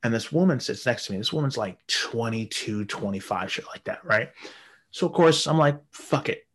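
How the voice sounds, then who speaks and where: A man's voice: medium pitch, lively intonation, moderate pace, breathy edge. A man in his thirties telling a rambling, crude story in casual chat, swearing often. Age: 30s. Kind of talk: casual anecdote.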